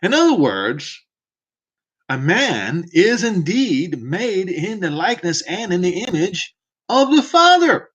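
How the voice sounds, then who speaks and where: A man's voice: high-pitched, very animated, slow, a bit bright, slightly rough. A man teaching scripture in a preaching manner, emphatic and fond of rhetorical questions to the listener. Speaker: Bible teacher. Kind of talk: preaching Bible commentary.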